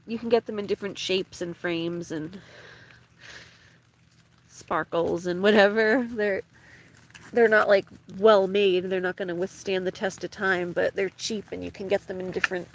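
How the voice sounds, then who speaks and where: Gravelly-voiced American woman vlogging from a tent. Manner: rambling, lots of "like" fillers; high baby talk to her dog. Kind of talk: casual chat to camera. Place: tent at a campsite at night.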